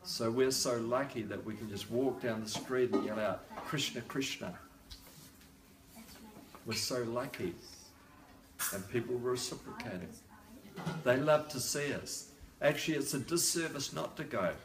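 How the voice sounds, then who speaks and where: A man's voice: medium pitch, moderate pace, background noise. An older man preaches in a mid-range voice, hammering points home by repeating them and dropping in jokes. The echo of the home room he speaks in hangs around his words. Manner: repetitive and emphatic, with joking asides. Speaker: lecturer. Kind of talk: devotional sermon at a home program. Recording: echoey room.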